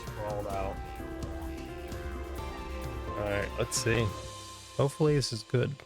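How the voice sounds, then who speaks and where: A man's voice: on the low side, slow pace, loud music behind the voice. A man giving casual let's-play commentary, sounding tired and mumbly, with offhand swearing. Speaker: gaming streamer.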